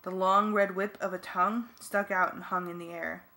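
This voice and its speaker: A woman's voice: lowish voice, steady tone, moderate pace, bright, forceful tone. A woman giving earnest first-person narration for a fan audiobook.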